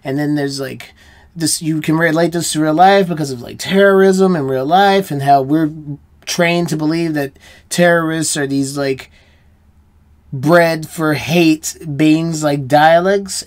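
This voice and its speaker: Chatty, higher-voiced American man musing aloud. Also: unhurried. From United States. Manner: musing, rambling, self-questioning. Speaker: reaction channel host. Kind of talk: casual solo review chat.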